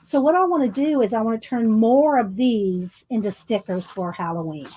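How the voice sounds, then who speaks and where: A woman talks in a loose, rambling way as she shows off her drawings. Her voice sits a bit high and she sounds a little out of breath. A faint hiss of noise stays under the recording. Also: moderate pace. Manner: chatty, rambling, says y'all. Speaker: artist vlogger. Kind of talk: casual chat while showing artwork.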